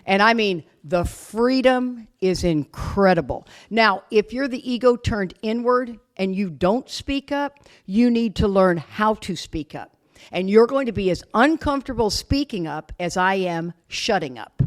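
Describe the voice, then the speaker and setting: A woman speaking to a live audience as a guest speaker, telling her story with blunt, self-mocking humor, laughing often and loudly acting out what people said. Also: medium pitch, measured pace. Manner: animated, laughs often, acts out quotes loudly. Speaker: guest speaker at a recovery retreat.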